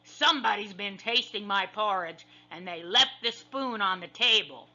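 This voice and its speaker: Woman playing a gruff, booming father bear for a storybook; bright, lively tone, dull lo-fi sound. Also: normal speed. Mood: grumpy. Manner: growling, booming. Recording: dull lo-fi recording.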